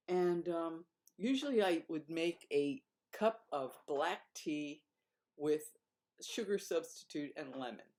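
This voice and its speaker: A woman with a low voice talks through her day in a casual vlog diary. She rambles, stops to correct herself and muses as she goes. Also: a little mellow. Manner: rambling, self-correcting, reflective. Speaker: vlogger.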